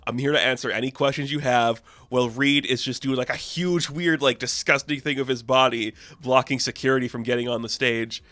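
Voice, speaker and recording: A man casually recapping a comic book issue, chatty and excitable, with lots of fillers and laughs. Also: mid-range voice, fairly quick, few pauses, no room sound.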